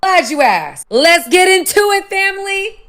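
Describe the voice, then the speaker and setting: A woman talking casually to her viewers in a lively, rhetorical way, listing her points. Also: extremely high pitch, unhurried. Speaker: online video commentator. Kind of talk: casual video talk to viewers.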